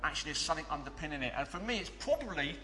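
A man's voice: fairly high pitch, lively intonation, racing, sharp tone, a little hiss or hum. A man leading a church children's club and speaking earnestly to a congregation, with fillers and restarts. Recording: long reverb of a big hall.

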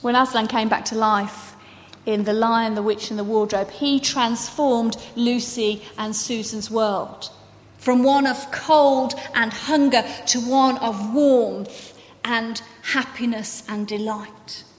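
A woman preacher giving a sermon in church, gentle and conversational, her voice softening at the ends of phrases. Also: on the high side, steady tone, slow, big-room sound. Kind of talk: sermon with a reading from a book.

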